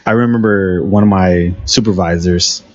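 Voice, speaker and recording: A man's voice: deep voice, fairly even intonation, normal speed, darkish tone. A man telling stories in a casual podcast chat. He rambles, laughs often and keeps saying "dude". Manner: rambling storyteller who laughs often and says "dude" a lot. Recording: dull lo-fi sound.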